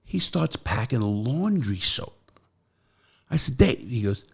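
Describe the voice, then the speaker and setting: A middle-aged man hosting a podcast, telling stories in casual chat and jumping to loud, high quotes. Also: takes it slowly, vocal fry, pauses often, breathy edge. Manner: animated storyteller, jumps to loud high quoting. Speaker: podcast host.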